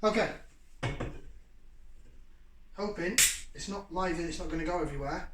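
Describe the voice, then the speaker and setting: A man's voice: sits high, moderate pace, reverberant, very noisy. A man in his forties from Yorkshire, hosting a casual beer review vlog in a chatty, jokey, upbeat way. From Yorkshire, England. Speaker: beer reviewer, channel host.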